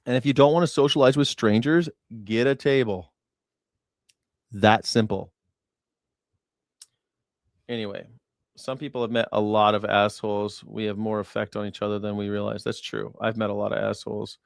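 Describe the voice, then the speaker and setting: A man's voice: lowish voice, fairly even intonation, normal speed, vocal fry, pauses often, no echo, studio quality. A man hosting a casual commentary show, telling stories in a blunt, profane way. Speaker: host.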